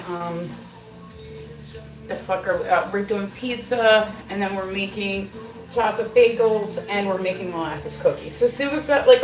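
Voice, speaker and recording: A woman's voice: mid-range voice, distant mic. A middle-aged woman hosting a casual live stream while baking in her home kitchen, chatty, laughing often and swearing casually. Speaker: livestream host. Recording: echoey kitchen, voice from off-mic.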